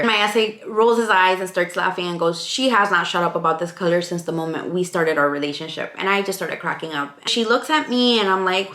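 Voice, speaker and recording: A woman's voice: lowish voice, fairly quick, few pauses. Chatty woman vlogger in an echoey room. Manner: animated storytelling, acting out quoted dialogue. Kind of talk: casual storytime vlog.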